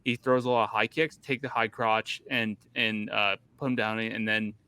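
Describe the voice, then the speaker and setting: A man's voice: fairly low pitch, little pitch movement, normal speed, sharp tone, clean tone, no echo. A man hosting a casual podcast chat, telling a rambling story full of restarts. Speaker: podcast host.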